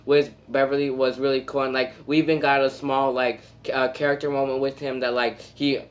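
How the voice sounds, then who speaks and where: A man's voice: mid-range voice, level tone, fairly quick. Rambling, enthusiastic male movie reviewer. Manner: rambling, enthusiastic, heavy filler words and restarts. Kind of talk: casual spoken review.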